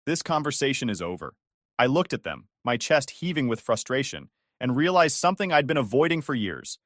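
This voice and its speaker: A man's voice: medium pitch, big pitch swings, a little fast, a bit bright, no echo, clean studio sound. A male text-to-speech voice narrating a first-person family drama story.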